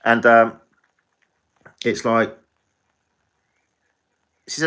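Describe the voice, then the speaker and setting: A man's voice: medium pitch, slow pace, long pauses, fairly bright tone. An English man chatting casually on a live stream as a tarot reader, rambling and swearing freely.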